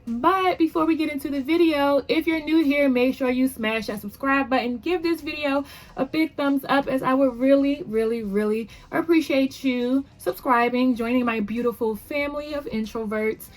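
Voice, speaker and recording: A woman's voice: sits high, normal speed. A woman hosting a casual makeup tutorial at home, chatty and upbeat, rambling a little with fillers as she talks to the camera. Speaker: beauty vlogger.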